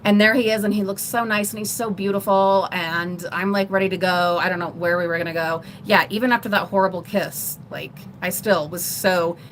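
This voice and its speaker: A middle-aged woman vlogger telling a personal story in a rambling, animated way on a casual livestream. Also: mid-range voice, a little fast, hardly any pauses, a little hiss or hum. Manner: rambling, animated retelling with laughs.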